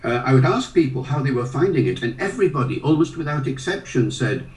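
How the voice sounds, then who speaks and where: A man's voice: medium pitch, sing-song, quick pace, darkish tone. An older man giving an interview, telling anecdotes with frequent hesitations and fillers. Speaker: guest, linguist. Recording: roomy sound from a distant mic.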